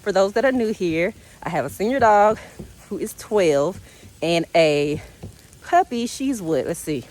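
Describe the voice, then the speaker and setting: A woman talks casually to her viewers about her dogs, with an easygoing, chatty manner. Her pitch sits in a middle range for a woman but moves a lot as she talks, rising and falling in an animated way. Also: a little slow. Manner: chatty and animated, uses y'all, narrates her dogs' reactions. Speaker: vlogger and dog owner. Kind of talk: casual chat to camera.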